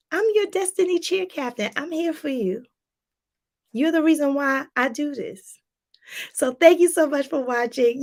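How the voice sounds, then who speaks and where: A woman from Washington, D.C., giving a motivational talk as a life coach, emphatic and repeating her points straight to viewers. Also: high voice.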